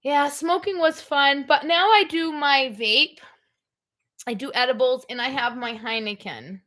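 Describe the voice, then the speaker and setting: A middle-aged woman with a fairly high, sharp-toned voice hosts a livestream. She chats casually, rambling and blunt.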